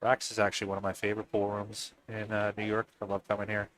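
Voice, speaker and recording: A man's voice: lowish voice, monotone, quick pace, a bit bright, low-quality recording. Easygoing Philly-accented male commentator. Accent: Philadelphia. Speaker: sports commentator. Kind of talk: casual commentary banter.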